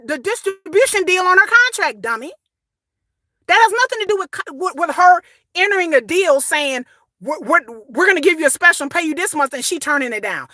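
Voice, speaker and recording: A woman, ranting casually to her viewers, sassy and animated, swearing and repeating words as she goes. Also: extremely high pitch, dry recording, studio quality. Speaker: commentary vlogger. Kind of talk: casual opinion rant.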